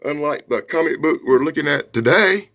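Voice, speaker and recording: Animated sarcastic man reviewing comics. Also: on the high side, normal speed, vocal fry, no room sound. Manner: animated, sarcastic, swings from loud to mumbling. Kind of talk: casual comic book review.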